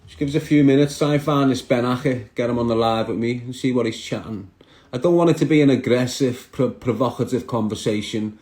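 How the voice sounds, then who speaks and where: A man's voice: medium pitch, brisk, darkish tone. A man, chatting brashly on a live stream and answering viewer comments. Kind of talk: casual live stream chat.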